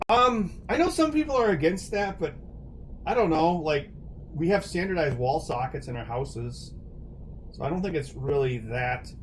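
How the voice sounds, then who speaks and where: A man's voice: a little high, animated, normal speed, a little hiss or hum. A man hosting a livestream in casual chat, rambling with frequent restarts and chuckles, speaking into a desk mic. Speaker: livestream host.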